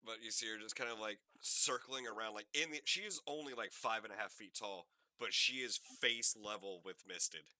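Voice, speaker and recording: A man's voice: lowish voice, normal speed, hardly any pauses, sharp tone, no room sound. A man running a tabletop game as game master, narrating loosely with many fillers. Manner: meandering, many "like" fillers, descriptive.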